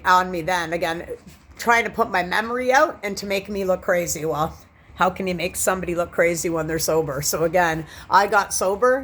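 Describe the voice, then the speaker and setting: This 40-something woman's voice is fairly low but a bit bright. Holding her phone while on a bed indoors, she delivers an agitated, profane vlog rant that keeps repeating itself.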